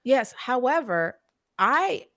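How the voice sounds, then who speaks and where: A woman's voice: high-pitched, big pitch swings, slow pace, fairly bright tone, no echo. A woman co-hosting a casual podcast chat, laughing often and acting out phrases she quotes. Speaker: podcast co-host. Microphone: podcast microphone, streamed live.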